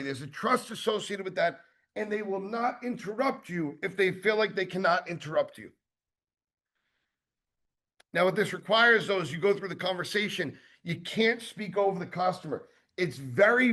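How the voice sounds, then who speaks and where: A man giving a casual sales training talk, acting out quick exchanges with customers and tossing in lots of fillers and asides. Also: high voice. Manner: animated, acts out customer exchanges; conversational with many fillers and asides.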